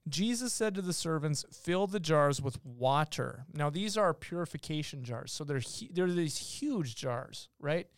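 Podcast co-host, man, smooth, slightly raised pitch, casual Bible explainer, dry close sound. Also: lively intonation, a little slow, hardly any pauses, dry recording. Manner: explains patiently, reads verses aloud, many restarts. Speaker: podcast co-host teaching scripture.

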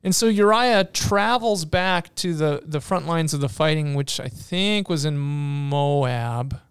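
A man in casual talk, retelling Bible stories in an animated way with playful asides and many fillers. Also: on the high side, slow, clean tone.

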